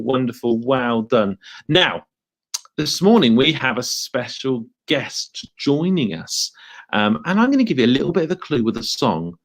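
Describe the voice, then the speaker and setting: A British man hosting a live school assembly as headteacher, cheerfully greeting viewers by name. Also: medium pitch. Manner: cheerful, reads out viewers' hellos.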